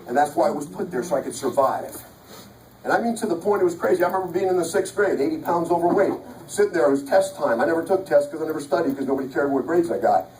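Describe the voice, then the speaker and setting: A man's voice: fairly high pitch, quick pace, a little mellow, a little hiss or hum. A man giving an emphatic motivational speech to an audience, telling his life story and repeating key lines. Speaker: motivational speaker. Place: large event hall. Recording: echoey hall, mic from a distance.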